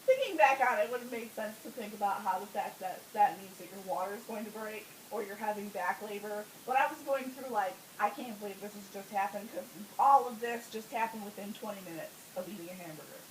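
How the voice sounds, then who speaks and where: A woman's voice: mid-range voice, lively intonation, fast, hardly any pauses. A young woman telling a crude, funny story casually, often breaking into laughter mid-sentence. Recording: roomy sound from a distance with faint hiss.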